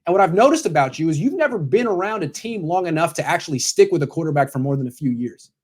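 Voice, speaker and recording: A man's voice: on the high side, lively intonation, fast, darkish tone, husky. A man doing sports opinion commentary, bluntly lecturing a coach directly in the second person.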